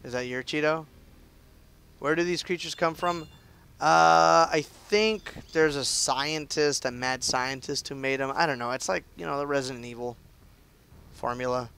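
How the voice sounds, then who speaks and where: A man's voice: a little high, normal speed, creaky, a bit bright, smooth. A young man chatting loosely through live gameplay commentary, with lots of fillers and restarts. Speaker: game streamer.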